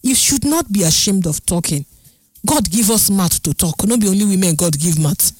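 A woman radio host with a Nigerian Pidgin accent, chatting on air in a lively, sing-song way that stretches her words. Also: medium pitch, moderate pace, slightly rough, no echo. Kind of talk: Pidgin radio show chat. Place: radio studio.

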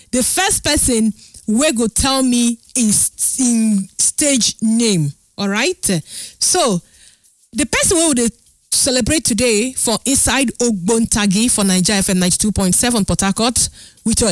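Nigerian pidgin radio lady, kinda high voice, sing-songy, stretches words, dry studio sound. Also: no echo. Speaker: radio host. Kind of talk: Pidgin radio show chat.

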